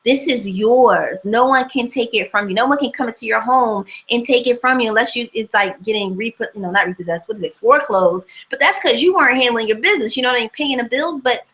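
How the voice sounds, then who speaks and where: A woman hosting a casual motivational livestream, reading viewer comments and talking in a chatty, animated way that repeats words for emphasis. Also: fairly high pitch, fast, hardly any pauses, poor audio.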